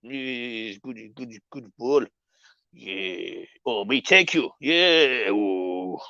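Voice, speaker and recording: A man's voice: mid-range voice, lively intonation, very slow, creaky, bright, forceful tone, no echo, voice pushed down, full character voice. A man doing an impression of an easygoing older football manager, with mumbled, fading murmurs of approval. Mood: approving. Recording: dull lo-fi dry sound.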